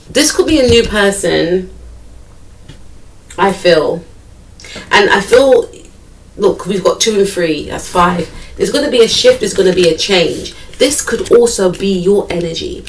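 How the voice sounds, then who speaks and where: A woman's voice: medium pitch, lively intonation, measured pace, distant mic, a little hiss or hum, rough recording. A woman giving a chatty tarot card reading, thinking aloud and repeating her phrases. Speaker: tarot reader.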